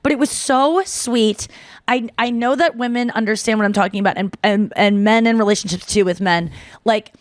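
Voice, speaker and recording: A woman in her thirties tells a story as podcast host, chatty and animated, with many fillers and acted-out quotes. Her voice sits a little high and comes through close and dry, with no room sound. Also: moderate pace, dry recording. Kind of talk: casual storytelling.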